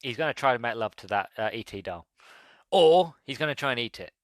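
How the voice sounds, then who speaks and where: A man's voice: medium pitch, animated, fairly quick, no echo. Brief: male podcast host, rambling casual review, dry close sound. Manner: rambling, chatty, laughs at own retelling. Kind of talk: casual movie review chat.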